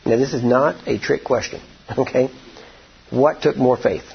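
A husky, breathy-voiced man preaching with folksy storytelling that builds to forceful declarations. The recording sounds dull and lo-fi. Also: medium pitch. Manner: folksy, drawn-out storytelling, rising to emphatic declarations. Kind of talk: sermon with storytelling.

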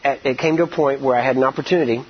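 A man preaching a sermon, rambling with many "I mean" and "you know", acting out quoted speech and slowing down to stress scripture. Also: mid-range voice, husky. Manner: slows down and stresses words when teaching scripture. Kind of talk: sermon with storytelling. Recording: dull lo-fi recording.

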